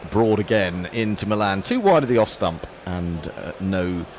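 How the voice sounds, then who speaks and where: A low-voiced man calling live cricket ball by ball. His pitch swings widely as he moves between dry, self-mocking asides and the calls of each delivery. Faint outdoor noise sits behind him. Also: animated, moderate pace, a little mellow. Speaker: cricket commentator. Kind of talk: live ball-by-ball radio commentary.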